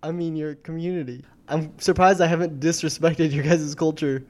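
A playful young man with a slightly high voice. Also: fairly even intonation, moderate pace, a little mellow. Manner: playful, teasing banter. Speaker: podcast co-host. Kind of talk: casual podcast chat.

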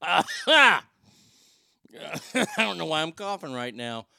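A man's voice: on the high side, big pitch swings, takes it slowly, vocal fry, sharp tone, no room sound, studio quality. A man hosting a casual live chat, reading viewer comments aloud and swearing freely. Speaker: talk show host reading chat.

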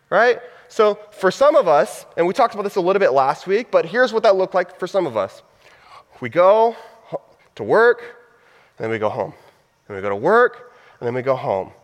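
Guy preaching, kinda high voice, chatty, acts out little scenes, big echoey hall. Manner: conversational, acts out everyday scenes in quoted voices. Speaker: pastor. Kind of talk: sermon.

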